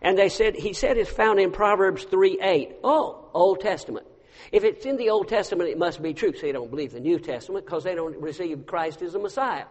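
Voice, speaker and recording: A man preaching a sermon and telling stories, swinging from hushed to loud. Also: high voice, expressive, brisk. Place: church sanctuary. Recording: long reverb of a large hall.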